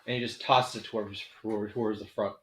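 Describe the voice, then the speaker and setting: A man's voice: fairly low pitch, flat delivery, fast talker, fairly bright tone, reverberant. A man running a tabletop game as game master, describing scenes in a loose, rambling way full of fillers.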